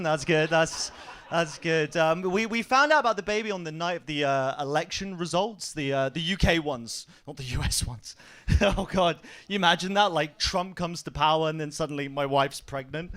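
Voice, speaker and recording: Young male stand-up, high bright voice, animated and quick with character bits. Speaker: stand-up comedian. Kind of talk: stand-up set. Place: comedy club stage.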